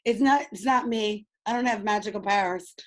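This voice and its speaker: A woman leading a group coaching call over video, bubbly and excitable, laughing often. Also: medium pitch, brisk, rough recording. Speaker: speaking coach.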